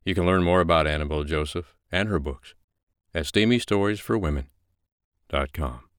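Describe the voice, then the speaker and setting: A man hosting and narrating, reading a fiction excerpt aloud in a slow, measured first-person delivery. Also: low-pitched, smooth, no room sound, clean studio sound. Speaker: narrator and host.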